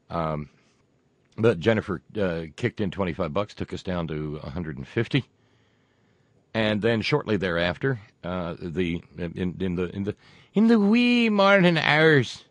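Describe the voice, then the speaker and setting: Male radio host, low voice, dry close sound, rambling folksy pitch with lots of restarts. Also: dry recording. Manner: rambling, halting, many fillers and restarts. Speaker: radio talk show host. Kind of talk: casual on-air talk and fundraising pitch.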